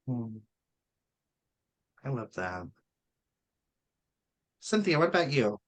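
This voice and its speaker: A podcast co-host speaking hesitantly and softly with many fillers during a casual panel chat. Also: medium pitch, big pitch swings, takes it slowly. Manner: soft-spoken, hesitant.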